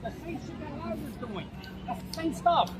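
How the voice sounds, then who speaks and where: A man confronting someone at an outdoor rally, loud and accusing, repeating his points over and over. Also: very high voice, expressive, normal speed. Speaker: street advocate. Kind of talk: heated street confrontation. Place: city street rally outdoors. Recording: noisy street with crowd and traffic.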